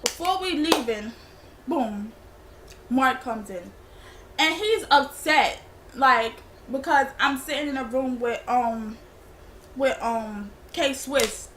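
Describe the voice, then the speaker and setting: A woman's voice: high voice, slow pace, fairly bright tone, slight background noise. A young woman telling a rambling, slangy storytime for her vlog. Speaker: vlogger. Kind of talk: casual storytime.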